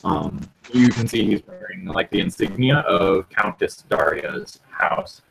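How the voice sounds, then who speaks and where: Gravelly, halting game master man. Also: sits low, a bit bright, rough recording. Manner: halting, many ums, descriptive. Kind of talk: narrating a tabletop game. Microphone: online voice chat.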